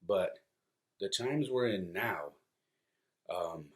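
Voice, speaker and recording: A man's voice: deep voice, lively intonation, very slow. A man in his forties from California, hosting a solo podcast and talking in a rambling, conversational way with many fillers and restarts. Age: 40s. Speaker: podcast host. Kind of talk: casual solo podcast monologue.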